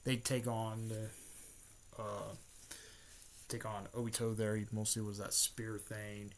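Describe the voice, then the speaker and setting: A man casually retelling a story, rambling with lots of fillers and frequent throat clearing. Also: lowish voice, little pitch movement, slow pace, a little hiss or hum.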